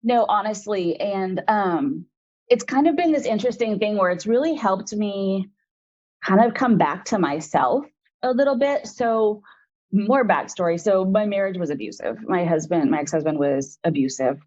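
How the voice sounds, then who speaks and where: A woman's voice: medium pitch, animated, moderate pace, a little mellow, muffled recording. A woman in her forties, an interview guest, telling a personal story in a rambling, frank way full of fillers.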